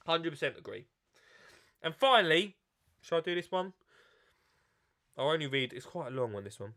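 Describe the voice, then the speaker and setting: An author and gardening presenter with a cold chats jokily with viewers in a casual live video about his gardening book, rambling and restarting often. His voice is a little high and sing-song, pushed and bright, at a normal speed.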